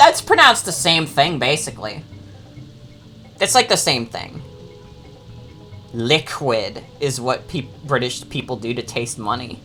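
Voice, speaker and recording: A woman's voice: extremely low pitch, bright, forceful tone. A woman streaming a game, chatting and joking casually with her chat and swearing freely. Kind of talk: casual gameplay commentary.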